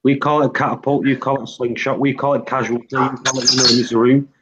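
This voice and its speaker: A man's voice: medium pitch, little pitch movement, quick pace, fairly bright tone, slightly rough, lo-fi sound. A British man hosting a casual group chat, reading out lists of word pairs. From Britain. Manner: reads out lists of word pairs, laughs often.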